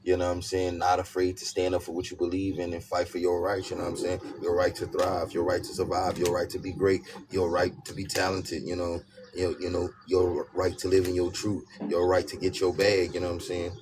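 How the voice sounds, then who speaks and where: A man's voice: low-pitched, brisk. Emphatic man reading tarot, noisy birdsong backdrop. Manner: repetitive, emphatic, peppered with "you know what I'm saying". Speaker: tarot reader. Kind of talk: casual spoken tarot reading. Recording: steady background noise with birdsong.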